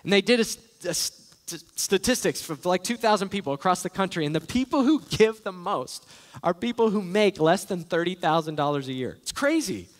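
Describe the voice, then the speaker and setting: High voiced guy preaching a sermon, earnest, keeps repeating phrases, big echoey church. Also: animated, fairly quick. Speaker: pastor. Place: large church sanctuary.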